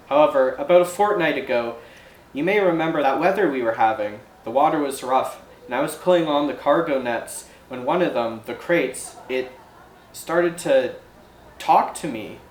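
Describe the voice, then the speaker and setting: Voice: medium pitch, close to an everyday voice. A game master voicing a kindly, flustered woman who runs a ferry, speaking hesitantly and apologetically. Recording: roomy echo, faint background noise.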